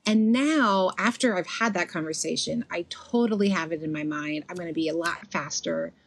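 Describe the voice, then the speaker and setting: A woman's voice: lowish voice, gravelly. A young adult woman on a podcast, chatting casually and telling stories with sarcastic asides. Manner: animated storyteller, quick sarcastic asides. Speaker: podcast co-host. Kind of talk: casual chat.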